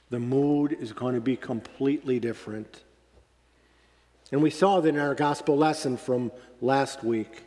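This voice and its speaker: A man preaching a sermon as pastor, slow and deliberate, lifting his voice on emphatic phrases. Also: medium pitch, dark tone, in a large hall.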